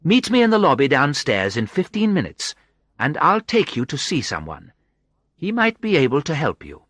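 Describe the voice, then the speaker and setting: Man doing a calm firm young woman, direct, bright dry voice. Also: a little high, normal speed, dry recording, voice pushed up, exaggerated voice.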